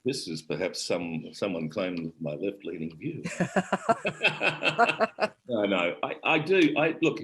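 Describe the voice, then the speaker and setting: Middle-aged Australian man, low voice, animated yarn-spinner in an online chat. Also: slow, pauses often, rough recording. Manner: animated storyteller, acts out voices. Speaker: author and actor guest. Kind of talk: storytelling conversation. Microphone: online event call.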